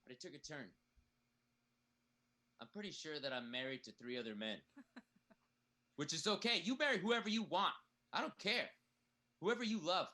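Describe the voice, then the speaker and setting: A man's voice: fairly high pitch, animated, moderate pace, pauses often, bright, forceful tone. An actor playing a crude, boastful young male bully who rambles and laughs at himself, in a comedic play reading.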